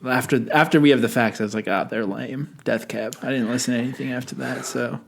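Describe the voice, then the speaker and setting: A man's voice: medium pitch, fairly even intonation, quick pace, vocal fry, breathy edge. A man hosting a podcast in casual chat, rambling and joking as he introduces songs. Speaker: podcast host.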